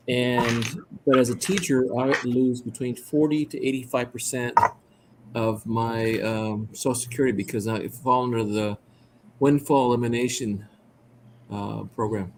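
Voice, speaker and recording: A man in his sixties, talking haltingly with fillers in a casual group chat. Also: mid-range voice, steady tone. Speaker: chat participant. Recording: clicking noise behind voice.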